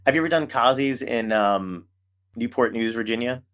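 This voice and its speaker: A man hosting a podcast, telling stories in casual chat, animated and swearing freely. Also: mid-range voice, normal speed, dull audio. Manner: animated storyteller, swears a lot. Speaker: podcast host.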